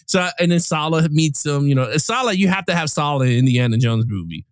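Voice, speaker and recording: A man's voice: fairly high pitch, expressive, quick pace, no room sound, clean studio sound. A man co-hosting a podcast, chatting casually about a film and acting out lines with bursts of laughter. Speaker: podcast co-host. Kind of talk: casual movie review chat.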